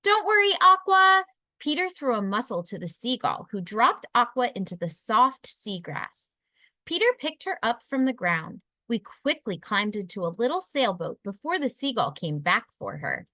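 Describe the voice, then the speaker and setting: A woman reads a children's picture book aloud in an expressive, animated storytelling manner. Her voice is mid-range, she speaks at normal speed, and the recording is dry.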